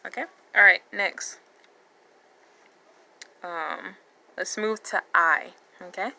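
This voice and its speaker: A woman's voice: medium pitch, slow pace, vocal fry, bright, forceful tone. A woman teaching a phonics lesson, patiently repeating letter sounds and words. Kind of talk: slow phonics lesson for learners.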